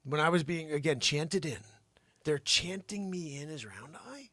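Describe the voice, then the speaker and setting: Husky, lively man riffing a comedy bit. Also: a little high, slow pace. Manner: rambling, animated, riffing on a running bit; drops to breathy whispers between asides. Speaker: host. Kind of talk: improvised comedy monologue.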